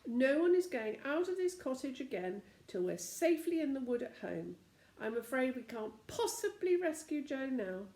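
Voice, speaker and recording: A woman's voice: high voice, sing-song, normal speed, mellow, echoey room, voice pushed up. A woman voicing Moonface, an anxious round-faced magical fellow in a children's storybook.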